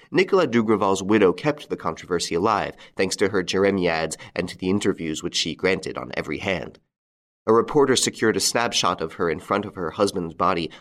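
Guy reading an old detective story, low voice, lots of ups and downs. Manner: expressive, dramatic. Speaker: audiobook reader. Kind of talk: scripted storybook narration.

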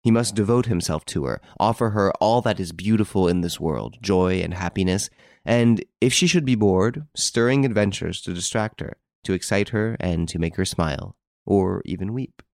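A man reading an audiobook, voicing a suave gentleman adventurer who speaks with calm assurance. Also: deep voice, normal speed, creaky, no room sound, clean studio sound. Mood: tender.

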